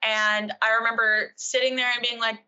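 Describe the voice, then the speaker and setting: A woman's voice: a little high, little pitch movement, moderate pace, bright, forceful tone, clear, resonant tone. A woman in her twenties co-hosting a casual, joking chat show, often trailing off mid-thought. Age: 20s. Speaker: co-host. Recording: dull lo-fi sound.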